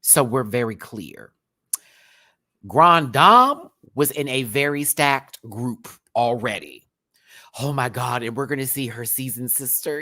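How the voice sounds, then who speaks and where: Gushing, animated man reviewing a show. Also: mid-range voice, a little slow, slight background noise. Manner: animated, gushing, breaks into excited squeals. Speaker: reality TV reviewer. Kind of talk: live-stream commentary.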